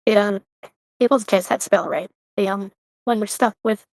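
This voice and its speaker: A woman's voice: medium pitch, fairly even intonation, moderate pace, darkish tone, no room sound. A woman playing in an online tabletop game, talking through her turn with a lot of hesitation. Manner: hesitant, lots of fillers. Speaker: player. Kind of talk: casual chat on a call.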